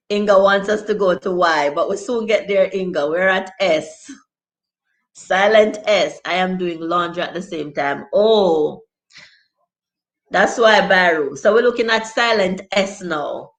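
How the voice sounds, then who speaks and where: Chatty Jamaican woman, slow and low. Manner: chatty, laughs often, reads viewer comments aloud. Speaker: teacher hosting a live stream. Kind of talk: casual live-stream lesson, reading chat aloud. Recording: echoey room.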